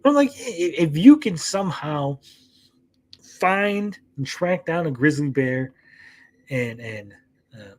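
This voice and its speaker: A man's voice: fairly high pitch, expressive, takes it slowly, long pauses. Rambling, chatty man hosting a show. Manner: rambling, frequent "uh" fillers and repeated words; reads out chat comments and reacts, swears casually. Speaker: podcast host. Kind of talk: casual chat about gaming news.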